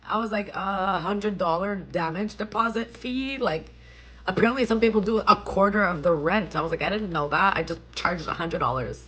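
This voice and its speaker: A woman's voice: medium pitch, normal speed, breathy edge, rough recording. A young woman vlogging casually from a hotel room, chatting with her viewers, reading out their questions and swearing freely. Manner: chatty and animated, swears often, reads out chat questions. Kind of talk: casual chat.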